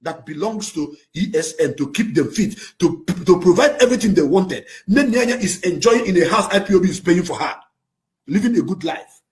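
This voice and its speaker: A man with a Nigerian accent delivers a fiery, impassioned rant to the camera, swinging between shouting and low, intense passages. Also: lively intonation, fairly quick. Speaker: activist speaking to camera.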